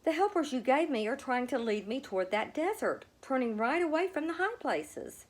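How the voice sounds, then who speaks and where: A woman voicing a frightened, tearful young woman pilgrim in a storybook reading, pleading in a high, wavering voice. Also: big pitch swings, moderate pace.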